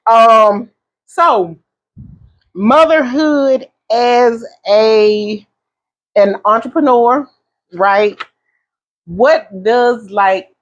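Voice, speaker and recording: Young woman host just chatting, encouraging, lots of likes and ums. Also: mid-range voice. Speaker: podcast host. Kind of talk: casual chat.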